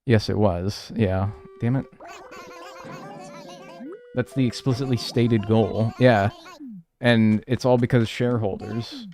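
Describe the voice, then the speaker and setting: A man chatting casually on a live game stream, ranting with lively energy and swearing freely. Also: lowish voice, slow, long pauses, faint music behind. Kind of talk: casual live-stream chat while playing.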